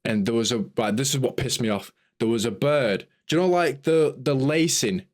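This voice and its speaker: Young man, podcast host, casual chat, animated sweary storyteller. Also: medium pitch, normal speed.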